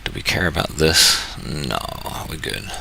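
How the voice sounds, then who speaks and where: A man's voice: rumbling low, lively intonation, measured pace, vocal fry, background noise. A man from New Zealand casually walking through his screen, thinking aloud, correcting himself and joking as he goes. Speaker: trading channel host. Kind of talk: casual screen-share walkthrough.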